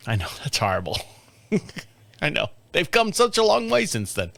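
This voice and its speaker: A man's voice: fairly high pitch, wildly swooping pitch, normal speed, vocal fry, pauses often, fairly bright tone, no echo. A man in his fifties hosting a podcast, telling a story in a casual, candid way, swearing and laughing often. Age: 50s. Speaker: podcast host.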